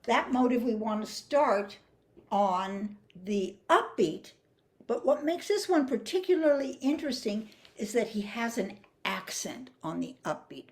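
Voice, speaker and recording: A woman's voice: on the high side, big pitch swings, a little slow. An older woman teaching flute phrasing, explaining patiently and singing rhythms and counting beats aloud. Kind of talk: music masterclass.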